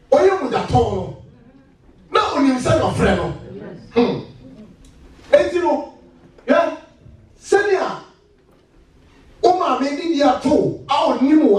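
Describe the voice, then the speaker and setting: Male pastor, very high voice, lively swings in pitch, animated sermon with frequent chuckles. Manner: animated preaching, often chuckling mid-phrase. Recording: echoey church hall, mic far off.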